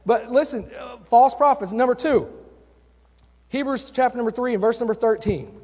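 A man's voice: very high voice, normal speed, a little mellow. A man preaching a sermon as a youth pastor, earnest and conversational, telling personal stories from the pulpit. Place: church sanctuary. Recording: long hall reverb.

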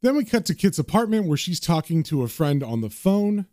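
A man narrating a comic book aloud in a casual way. His voice sits a bit high and moves around a lot. The sound is close and dry, with no room echo. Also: sing-song, a little fast, dark tone.

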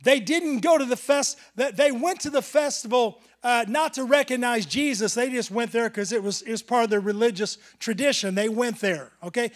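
A middle-aged man preaching a sermon, building to emphatic bursts and then dropping to quiet asides. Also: very high voice, moderate pace, few pauses. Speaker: pastor.

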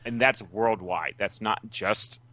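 A man's voice: fairly low pitch, fairly even intonation, slow, sharp tone, dry recording. A man co-hosting a casual gaming podcast, wry and matter-of-fact. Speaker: podcast co-host.

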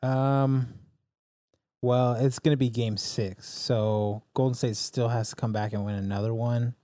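Mellow young man, easygoing co-host. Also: mid-range voice, steady tone, measured pace, dry recording. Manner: easygoing, agreeable, chatty. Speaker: podcast co-host. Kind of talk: casual chat.

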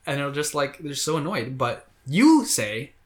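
A man in casual chat, teasing and rambling, with soft asides. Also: on the high side, very animated, measured pace.

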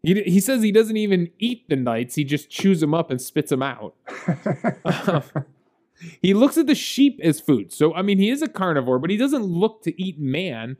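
A man's voice: high voice, very animated, normal speed, a little mellow. A man co-hosting a podcast, chatting casually about a movie with lots of fillers and laughs. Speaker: podcast co-host. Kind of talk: casual movie review chat.

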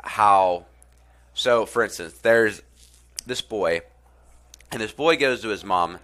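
Bright-voiced earnest man on self-improvement. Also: lowish voice, takes it slowly. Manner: earnest, repeats phrases, frequent fillers. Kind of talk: casual spoken talk and storytelling.

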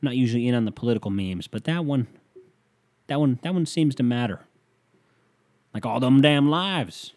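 Pausing often, a young man rants on his solo podcast at a moderate pace, swearing a lot and rambling in exasperation. His medium-pitched voice is a little mellow with lively intonation, and leaning on the mic in his bedroom, he's recorded with no echo.

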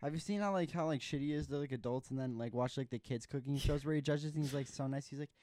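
A man's voice: medium pitch, quick pace, a little mellow, dry recording. A young man from California in casual chat, laid-back and telling stories with lots of filler words and swearing.

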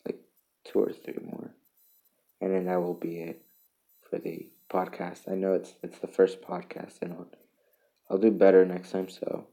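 Low, flat-voiced man hosting a podcast. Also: creaky. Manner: halting, self-interrupting, chuckles between lines. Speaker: podcast host. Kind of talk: casual solo podcast, reading memes aloud.

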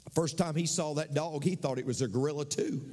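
Jesus, as a preacher puts him on, calm and dry. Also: male voice, a little high, brisk, a little hiss or hum, natural voice. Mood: wry. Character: Jesus, calm and gently amused. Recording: long reverb of a large hall.

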